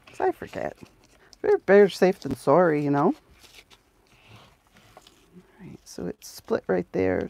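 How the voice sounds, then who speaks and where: Working close to the mic on her crafting livestream, a middle-aged woman chats sarcastically with viewers and mutters to herself as she goes. She speaks at medium pitch with vocal fry and a warm tone, and faint background noise can be heard.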